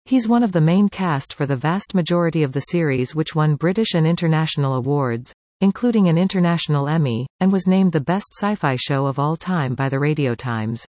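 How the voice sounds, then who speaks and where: Man reading a news piece, fairly high voice. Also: animated, a little fast, hardly any pauses, darkish tone, no room sound. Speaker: reporter. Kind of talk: scripted news narration.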